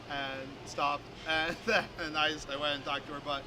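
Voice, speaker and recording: A man's voice: on the high side, fairly even intonation, unhurried, background noise. A man on summer camp staff telling a funny driving story in a matter-of-fact way. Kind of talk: casual anecdote to camera.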